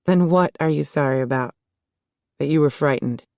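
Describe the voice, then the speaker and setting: A woman's voice: low-pitched, normal speed, dark tone, dry recording, clean studio sound. A woman voicing a spirited young heroine who teases and questions lightly in an audiobook. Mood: teasing.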